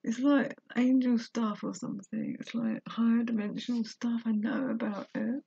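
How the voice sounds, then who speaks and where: Woman reading a book out loud and chatting about it, kinda husky, dry dull lo-fi sound, earnest and emotional. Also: fairly high pitch, flat delivery, normal speed, hardly any pauses, no room sound. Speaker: vlogger reading a book aloud. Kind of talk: reading aloud with personal commentary. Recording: dull lo-fi recording.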